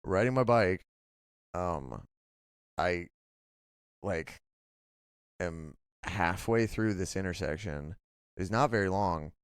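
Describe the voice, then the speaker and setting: A man's voice: low-pitched, slow pace, long pauses, smooth, no room sound, clean studio sound. A young man co-hosting a casual late-night podcast, telling stories in a rambling way, full of "like" and swearing. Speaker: podcast co-host.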